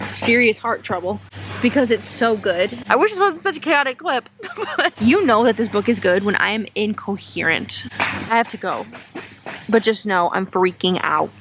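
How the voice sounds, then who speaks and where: A woman chatting casually in a reading vlog, gushing and excitable as she talks about a book. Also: fairly high pitch, moderate pace, noisy background. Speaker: book vlogger. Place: outdoors on a work break.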